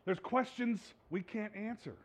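In a church sanctuary full of his congregation, a pastor preaches a sermon conversationally, often repeating and restarting his words. His man's voice sits high and unhurried.

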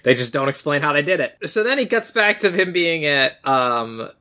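A man with a bright, forceful voice that sits a little high, chatting loosely as he recaps a movie. He slips into quick impressions of the characters as he goes. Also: very animated. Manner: retells scenes acting out characters' lines. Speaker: podcast co-host. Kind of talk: casual movie recap chat.

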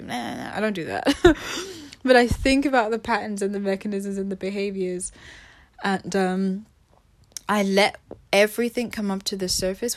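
Chatty woman musing on self-healing. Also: medium pitch. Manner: chatty, restarts often, drops to near-whispers. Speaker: spiritual self-help speaker. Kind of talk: casual reflective monologue.

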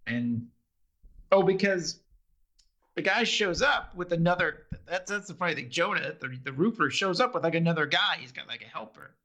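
A man's voice: on the high side, lively intonation, normal speed, bright, forceful tone. A man co-hosting a podcast, casually recapping a TV episode, rambling and quoting scenes. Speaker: podcast co-host.

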